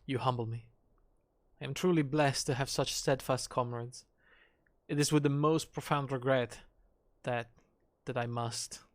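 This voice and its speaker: A man's voice: mid-range voice, a little fast, dry recording, lightly acted. A man voicing an earnest young noble commander who speaks in formal, old-fashioned words, read aloud from a game on a live stream. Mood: remorseful.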